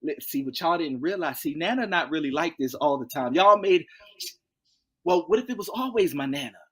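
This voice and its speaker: A man as an interview guest, telling stories in a lively, folksy way, acting out quotes and repeating key phrases. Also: a little high, normal speed, slightly rough. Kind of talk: animated interview storytelling.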